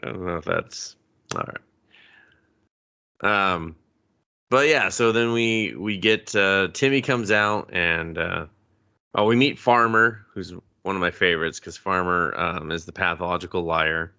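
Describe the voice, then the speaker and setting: Bright-voiced man chatting casually. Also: deep voice, unhurried, smooth, muffled recording. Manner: loose and profane, acts out scenes in quoted voices. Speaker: podcast co-host. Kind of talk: casual movie review chat.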